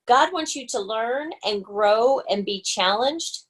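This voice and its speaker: A woman's voice: on the high side, expressive, takes it slowly, a bit bright, husky. A woman hosting a book study group on a video call, chatty and encouraging, with lots of fillers. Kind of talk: casual group video chat.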